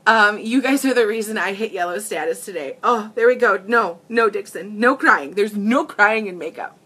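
A woman hosting a casual makeup livestream, gushing with excitement and tearful gratitude as she greets her viewers. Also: mid-range voice, moderate pace, breathy edge.

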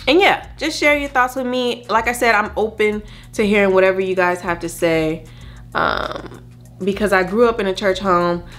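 A woman's voice: medium pitch, moderate pace, a bit bright, soft background music. A woman vlogger chatting casually with her viewers while doing her makeup at home, talking in a rambling, direct way. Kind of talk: casual get-ready-with-me chat.

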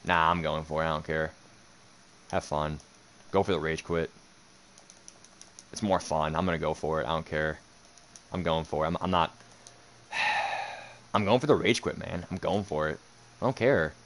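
A man's voice: extremely low pitch, steady tone, normal speed, pauses often, fairly bright tone, a little hiss or hum. A young man commentating his own football video game match, muttering, sarcastic and swearing in frustration. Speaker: gaming streamer.

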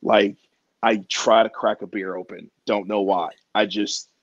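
A man's voice: on the low side, little pitch movement, unhurried, no room sound, muffled recording. A man being interviewed as a wrestler, talking in a laid-back, slangy way and laughing often. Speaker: wrestler guest. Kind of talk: casual interview chat.

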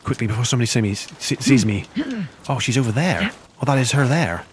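A man's voice: expressive, fairly quick, slight background noise. A man giving casual let's play commentary, muttering to himself with sudden yelps of surprise. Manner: chatty, muttering to himself, sudden high-pitched exclamations. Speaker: gameplay commentator.

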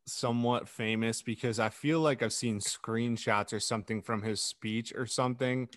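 A man's voice: mid-range voice, fairly even intonation, normal speed, no echo, clean studio sound. A man co-hosting a casual movie podcast, musing aloud with hesitant fillers. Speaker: podcast co-host.

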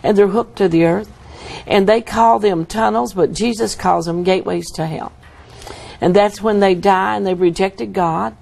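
A woman's voice: medium pitch, fairly even intonation, moderate pace, gravelly, darkish tone. A woman guest giving an earnest, vivid testimony in an interview.

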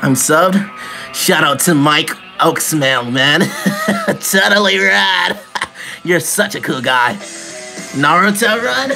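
A man's voice: on the high side, lively intonation, slow, long pauses, sharp tone, soft background music. A young man livestreaming in a joking emo persona, full of mock-teen slang and frequent laughter.

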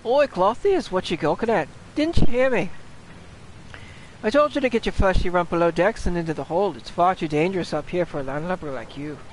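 Rowdy skeleton pirate, gruff sailor slang, pitched up, put-on British pirate accent, done by a man reading game lines. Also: fairly quick, slight background noise, lightly acted, poor audio. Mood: urgent. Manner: gruff, rough sailor slang, teasing threats. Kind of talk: reading game dialogue aloud in voices.

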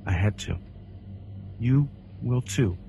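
Man voicing a mysterious stranger, weary, terse, quiet, flat, low, horror reading. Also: slow, gravelly, a little hiss or hum.

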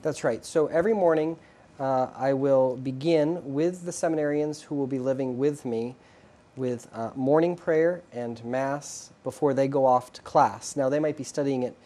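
Mellow-voiced priest being interviewed. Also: male voice, medium pitch, normal speed. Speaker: Catholic priest guest. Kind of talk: interview answers.

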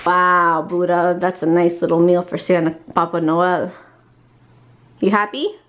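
A young adult woman chatting casually for a family vlog, animated and giggly, slipping Spanish words into her talk. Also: fairly low pitch, unhurried, highs cut off. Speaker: vlogger. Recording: noisy handheld camera audio.

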